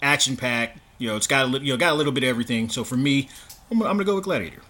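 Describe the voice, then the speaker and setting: A man's voice: mid-range voice, rapid-fire, sharp tone. A man co-hosting a podcast, talking casually and enthusiastically, often laughing. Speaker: co-host.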